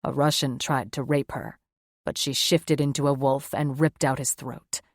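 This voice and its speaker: A woman voicing a protective male werewolf tracker in an audiobook, speaking low and calm. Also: normal speed, no echo, clean studio sound. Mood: steady, reassuring.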